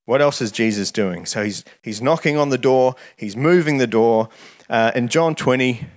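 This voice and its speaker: A man's voice: mid-range voice, moderate pace. A man preaching a sermon in an earnest way, often repeating words as he starts his phrases.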